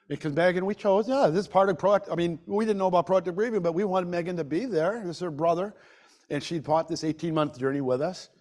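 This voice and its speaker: Man telling a grieving story, halting. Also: fairly high pitch, a little mellow. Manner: emotional, halting personal storytelling with many restarts. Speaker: grief workshop speaker. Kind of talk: live workshop storytelling. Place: medical center presentation room.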